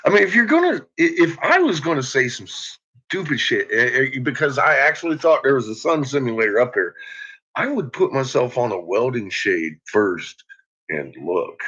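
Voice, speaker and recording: A man's voice: big pitch swings, moderate pace, breathy edge. Profane laughing man, lo-fi home vlog. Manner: profane, laughs often, swings between low mutter and loud shouts. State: uses bottled oxygen. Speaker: vlogger. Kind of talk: casual rambling monologue. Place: at home with a dog. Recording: dull lo-fi home recording.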